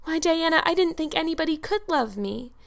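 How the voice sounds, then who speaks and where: Woman doing a very high dramatic little orphan girl, all gushy and teary, storybook reading. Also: lively intonation, a little fast, creaky, exaggerated voice. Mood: gushing. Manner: gushing, theatrical and tearful. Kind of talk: audiobook character voice.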